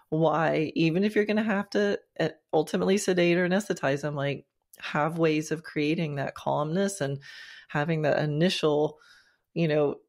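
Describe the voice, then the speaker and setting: A woman's voice: low voice, darkish tone. A woman hosting a podcast interview, talking in an enthusiastic, casual way with many fillers and restarts. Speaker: podcast host.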